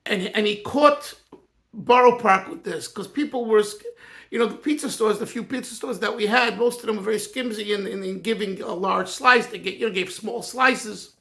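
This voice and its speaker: Earnest high-voiced older New man. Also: creaky, sharp tone. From United States. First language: Yiddish. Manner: earnest, halting, with frequent restarts and Hebrew-Yiddish terms. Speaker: rabbi giving a personal talk. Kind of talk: personal reminiscence talk.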